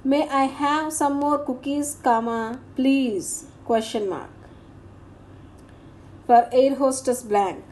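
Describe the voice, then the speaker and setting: Slow high-voiced woman teacher dictating answers. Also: darkish tone. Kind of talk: reading out grammar exercise answers.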